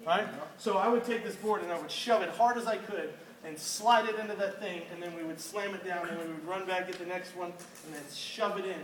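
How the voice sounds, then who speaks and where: A young man preaching to a youth group, telling a lively story with laughter and questions for the listeners. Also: sits high, a little fast, few pauses. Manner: animated, laughing storyteller who quizzes listeners. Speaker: youth pastor. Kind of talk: storytelling sermon. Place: hall with a live audience. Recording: roomy, distant, noisy room recording.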